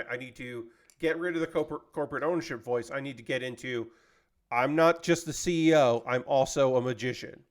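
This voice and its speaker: A man hosting a live stream, chatting casually while building a model kit, rambling with lots of fillers. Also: medium pitch. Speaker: livestream host.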